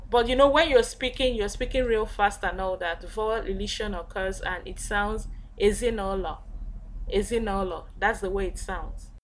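A woman with an Igbo accent, a guest teacher, explaining words in a relaxed language lesson with fillers and restarts. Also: medium pitch, a little hiss or hum.

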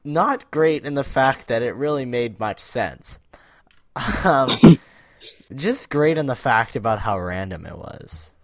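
A man's voice: medium pitch, animated, slow, no echo. A man co-hosting a podcast, joking and laughing through casual banter in mock slang. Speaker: podcast co-host.

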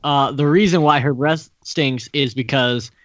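A podcast co-host joking playfully in casual chat over a video call. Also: male voice, mid-range voice, a little slow, dry recording, highs cut off.

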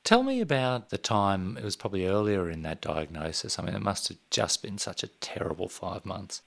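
A man interviewing a guest on radio, asking gentle, probing questions. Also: low voice, sing-song, fairly quick, gravelly.

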